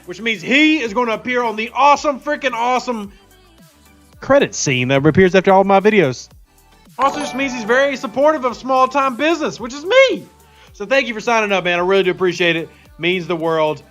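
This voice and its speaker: A man's voice: sits high, bright, forceful tone. A man hosting a casual live game stream, chatting in an upbeat way and greeting viewers by name. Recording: slightly dull lo-fi audio with faint music.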